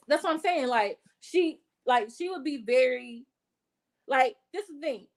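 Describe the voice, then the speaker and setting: Expressive and a little slow, this commentary channel host has a somewhat high voice as she runs a casual gossip show. She's blunt and openly profane, talks with her hands in her words, and rambles through her points with plenty of fillers, restarts and self-corrections.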